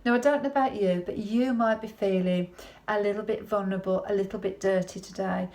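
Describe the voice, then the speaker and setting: A woman's voice: mid-range voice, fairly even intonation, a little fast, darkish tone. A woman giving a conversational sermon in a chatty, folksy way, often turning to the listener with tag questions. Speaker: preacher.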